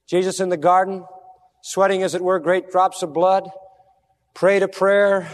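A man preaching a sermon, earnest and emphatic, dropping low and quiet to stress a point. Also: flat delivery, unhurried, long reverb tail.

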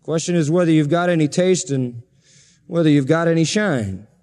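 A male pastor delivers an insistent, emphatic sermon in a high voice. His words ring out with a long reverb through a church sanctuary, captured on a 1970s recording. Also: moderate pace, a little mellow. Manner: emphatic, insistent preaching with repeated phrases.

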